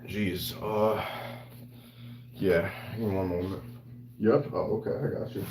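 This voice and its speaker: A man's voice: sits low, fairly even intonation, unhurried, darkish tone, a little hiss or hum, low-quality recording. A man live-streaming and chatting with viewers, rambling playfully and slipping into broken Spanish. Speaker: livestreamer reading chat. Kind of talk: casual live-stream chat.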